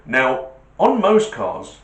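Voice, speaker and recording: A middle-aged man telling a comic anecdote in an animated, self-mocking way. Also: mid-range voice, extremely slow. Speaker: storyteller, test driver. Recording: roomy echo.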